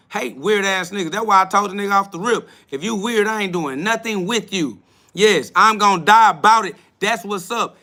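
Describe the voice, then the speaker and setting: A man talking straight to his livestream chat with a blunt, profane, confrontational edge. His voice sits a little high and sounds bright and forceful. He swings from loud outbursts down to low mutters. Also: brisk. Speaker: livestream host. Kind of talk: casual livestream rant to chat.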